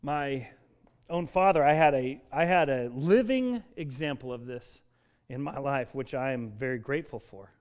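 A middle-aged man from Denver preaching a sermon as pastor, moving between emphatic declarations and soft, reflective passages. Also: mid-range voice, lively intonation, normal speed. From Denver, Colorado.

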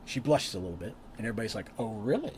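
A man's voice: fairly low pitch, racing, slight background noise. A man casually recapping a tabletop campaign, rambling with chatty asides and restarts.

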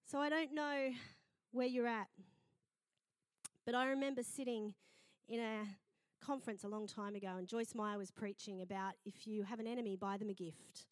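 A middle-aged woman pastor, preaching a sermon in a lively storytelling manner. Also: a little high, normal speed, no room sound. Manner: lively storytelling, acting out quoted voices.

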